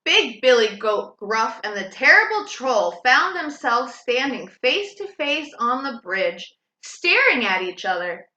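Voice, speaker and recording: Woman storytime reader, slow and expressive, bright voice; roomy echo. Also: on the high side, lo-fi sound. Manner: expressive, sing-song read-aloud. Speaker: children's storytime host. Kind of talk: reading a storybook aloud.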